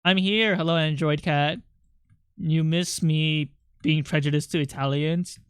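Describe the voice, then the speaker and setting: A streamer talks loosely over a drawing session in a smooth, clean voice at a middling pitch. The sound is close and dry, with no room around it. The delivery is jokey and quick to say sorry, and the speaker often pokes fun at their own art. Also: fairly even intonation, no echo. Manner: joking, quick to apologize; self-deprecating. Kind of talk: casual livestream chat while drawing.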